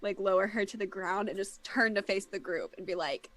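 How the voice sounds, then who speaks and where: A woman's voice: medium pitch, a little fast, a bit bright. A woman player in a tabletop game, casually describing her character's actions with amusement.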